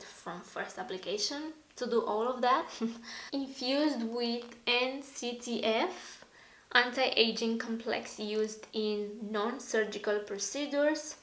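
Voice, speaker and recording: A woman beauty vlogger chatting casually through an unboxing, easily excited, her voice a little hoarse. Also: on the high side, takes it slowly, echoey room, rough recording. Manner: chatty, easily excited, gasps and laughs often. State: slightly hoarse.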